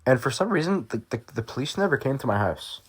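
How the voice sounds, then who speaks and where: A man's voice: medium pitch, sing-song, fast talker, husky. A young man from Britain casually telling a personal story to his viewers, rambling with lots of swearing and fillers. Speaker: vlogger.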